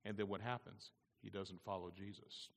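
A man's voice: low-pitched, steady tone, moderate pace, creaky. A male pastor preaching a sermon with emphatic repetition to his congregation. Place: church sanctuary. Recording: long reverb in a church hall.

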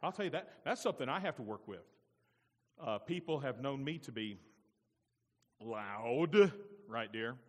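Animated preacher in a reverberant church. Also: male voice, mid-range voice, brisk. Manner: animated, asks the congregation questions. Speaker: pastor. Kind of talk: sermon.

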